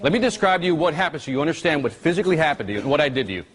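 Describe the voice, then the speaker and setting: An energetic man leads a live seminar, his voice swinging widely up and down as he fires questions at the room. It sits a little high for a man, and he rarely lets a point pass without checking the audience is with him. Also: racing. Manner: energetic, keeps quizzing the audience. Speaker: workshop presenter.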